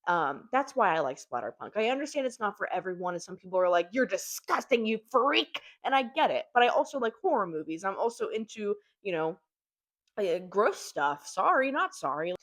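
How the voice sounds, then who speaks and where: A young woman reviewing books in an animated, chatty way, swearing casually. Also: mid-range voice, fairly quick. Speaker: book reviewer. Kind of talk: casual chat.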